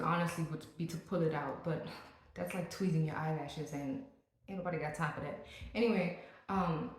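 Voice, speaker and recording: A woman's voice: deep voice, a little mellow. Chatty woman vlogger in an echoey room. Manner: chatty and joking, with playful asides. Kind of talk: casual vlog rant.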